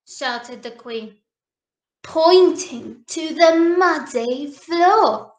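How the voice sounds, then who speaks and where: A woman reading a picture book aloud to children in an animated, coaxing way. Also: high-pitched, extremely slow, echoey room. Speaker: storybook reader.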